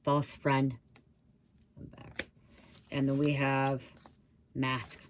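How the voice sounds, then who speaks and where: A woman's voice: very deep voice, monotone, extremely slow, slight background noise. A woman giving a rambling channeled psychic reading, blurting out words she hears and swearing casually. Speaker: psychic reader.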